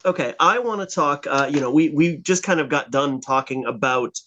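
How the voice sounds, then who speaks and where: A man hosting a podcast, asking questions in a halting way with "uh" and "you know" fillers. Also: a little high, lively intonation, bright, forceful tone. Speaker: podcast host. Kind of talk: casual interview questions.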